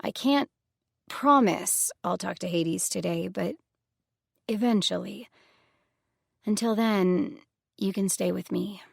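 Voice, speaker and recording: A woman's voice: mid-range voice, slow pace, gravelly, long pauses, husky, dry recording, studio quality, exaggerated voice. A woman voicing a guarded young goddess in an audiobook, answering in cool, clipped, wary lines. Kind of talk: audiobook character voice.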